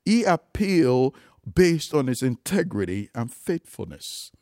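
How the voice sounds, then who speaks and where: A man's voice: mid-range voice, very animated, measured pace, creaky, warm tone, no echo, clean studio sound. A man preaching a sermon, emphatic and rising and falling for emphasis, calling his listeners loved ones.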